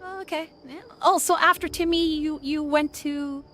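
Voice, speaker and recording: High bright-voiced woman streamer. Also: fairly even intonation, normal speed, a little hiss or hum. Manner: talks sweetly to her in-game dog, coaxing and playful. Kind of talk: casual game stream chat.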